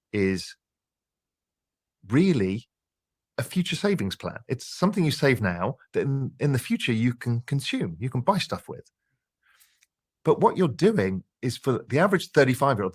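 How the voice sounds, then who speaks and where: A man, a guest in an interview, explaining a point in a measured, explanatory way. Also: mid-range voice.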